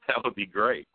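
Blunt low-voiced man on a tinny line. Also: husky, no room sound. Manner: blunt, profane, halting with fillers. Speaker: talk show co-host. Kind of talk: blunt opinionated talk. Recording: tinny phone-like, dry sound.

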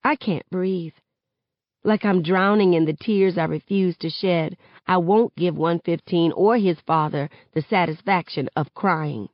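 A woman reading a novel aloud in measured first-person narration for a study session. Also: fairly low pitch, no echo, dull audio. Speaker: reader in a book study session.

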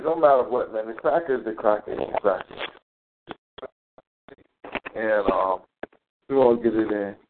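A man hosting a casual live talk show, ranting in a heated, profane, rambling way. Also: on the high side. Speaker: show host. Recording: tinny phone-quality audio.

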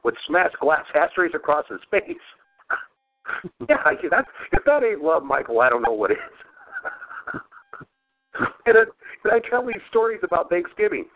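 A man's voice: on the high side, sing-song, measured pace, long pauses, no echo. Laughing, cursing man on a tinny line. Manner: profane, laughs often while telling stories. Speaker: podcast host. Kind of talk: casual storytelling chat. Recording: phone-like narrow sound.

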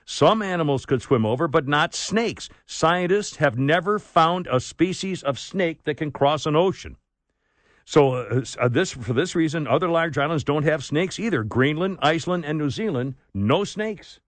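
Animated, rambling male talk radio host. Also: a little high, normal speed, no room sound. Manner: rambling, animated, restarts and asides. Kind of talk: casual talk radio monologue. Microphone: studio microphone.

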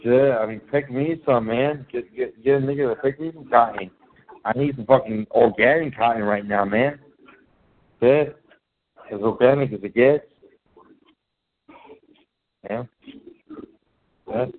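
A man's voice: medium pitch, a little slow, pauses often, phone-quality sound, background noise. A laid-back, cursing man chatting on a phone chat line. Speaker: caller.

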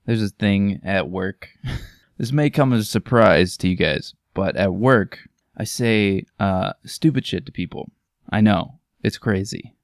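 A man's voice: lowish voice, unhurried, no echo, clean studio sound. A man hosting a podcast, telling goofy stories in a casual comedic monologue and laughing often at his own jokes. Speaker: podcast host.

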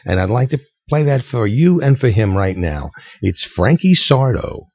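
A man's voice: mid-range voice, sing-song, breathy edge, no room sound. A man hosting a radio show in a casual, earnest way, stumbling and repeating words as he talks to listeners. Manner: earnest, halting, repeats words as he pleads for support. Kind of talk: casual radio talk between records. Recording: dull lo-fi dry studio sound.

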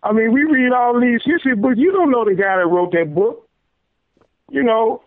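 A man calling in to a discussion show, talking haltingly and repeating words as he makes his point. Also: very high-pitched, lively intonation, no echo. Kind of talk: casual discussion. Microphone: phone call. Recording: tinny phone line.

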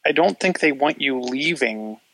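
Gravelly tech podcast cohost, halting, keeps restarting, dry close mic. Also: male voice, mid-range voice, lively intonation, a bit bright, no room sound, low-quality recording. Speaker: podcast co-host. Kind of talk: casual tech chat.

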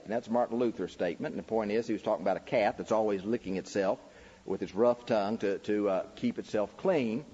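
A man's voice: brisk, dark tone, husky. A man preaching a lecture-style sermon, pushing his voice up with emphasis on key words. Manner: emphatic, pitch rising sharply on key words. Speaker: preacher teaching a lecture series. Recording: dull recording with long hall reverb.

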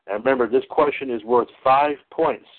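A man's voice: medium pitch, moderate pace. A man hosting a wrestling trivia podcast, rambling and correcting himself, with playful announcer flourishes. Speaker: trivia show host. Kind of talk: casual podcast chat. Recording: phone-like lo-fi audio.

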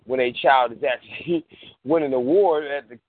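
A man's voice: mid-range voice, normal speed, no echo. A man in casual radio talk, speaking with energy and acting out the voices of parents as he goes. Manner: animated, acts out voices of parents. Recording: tinny phone line.

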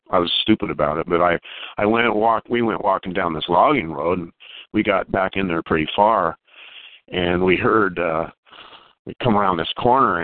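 A man calling in to tell a long personal story, halting and repeating words as he goes. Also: low-pitched, dry recording. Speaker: caller telling a Bigfoot encounter. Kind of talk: casual storytelling on a call. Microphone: phone. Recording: tinny dry phone line.

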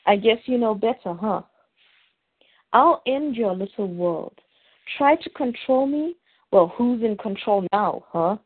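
A woman's voice: a little high, expressive, unhurried, slightly rough. A woman voicing a vengeful armed man who taunts his family, in a plain retelling over a tinny, phone-like line. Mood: taunting.

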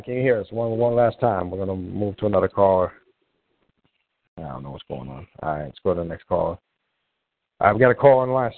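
Low-voiced guy hosting a call-in show, rambly and casual, tinny phone sound. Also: dry recording. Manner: rambling and loose, restarts often while troubleshooting callers. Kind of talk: casual live call-in chat.

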